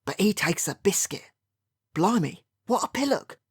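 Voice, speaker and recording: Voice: medium pitch, animated, a little slow, slightly rough, no echo, studio quality, voice pushed up, full character voice. The audiobook narrator voicing a brash young working-class woman with a guttural East London accent. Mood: mocking. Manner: blunt, crude, mocking.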